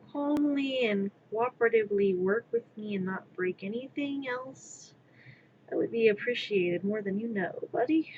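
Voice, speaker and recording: A woman's voice: on the high side, darkish tone, lo-fi sound, a little hiss or hum. A woman streaming live from her room as she works on a craft, talking to herself and half-whispering pleas at her work. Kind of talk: live-stream self-talk while crafting.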